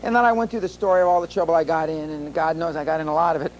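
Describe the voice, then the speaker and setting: A man's voice: a little high, steady tone, racing, a little hiss or hum, low-quality recording. An older American man speaking at a live seminar, telling stories in a blunt, profane way. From USA.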